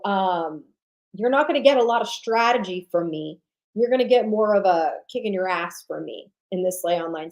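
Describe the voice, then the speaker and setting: Woman, thirties, livestream host, motivational, emphatic, repetitive, loud bursts and quiet drops, mid-pitched. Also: low-quality recording. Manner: fired-up, emphatic, repeats lines for emphasis; swings between loud punches and low, intimate drops. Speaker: online business coach hosting a summit. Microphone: livestream webcam mic.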